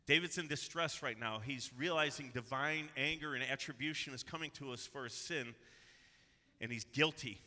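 Male pastor, very bright and cutting tone, earnest urgent delivery, long church reverb. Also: medium pitch, moderate pace. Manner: earnest and emphatic, rising to urgent exhortation. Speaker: preacher. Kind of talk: sermon with scripture reading. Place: church sanctuary.

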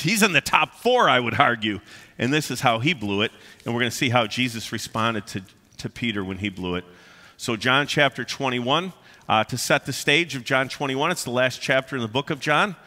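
Bright-voiced man preaching in a reverberant hall. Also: mid-range voice. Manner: emphatic, conversational preaching with frequent "uh" fillers. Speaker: pastor. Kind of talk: sermon. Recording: long reverb of a large hall.

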